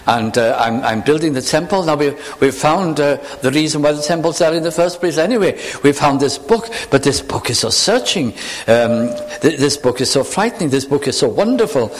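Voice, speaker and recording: Earnest preacher, lively pitch. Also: male voice. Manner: earnest, reads scripture slowly with emphasis. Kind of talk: sermon.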